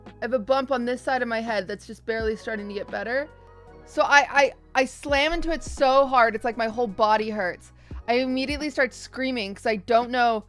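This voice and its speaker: High-voiced young woman streamer storytelling. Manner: animated, restarts and repeats words. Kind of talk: casual storytelling to chat.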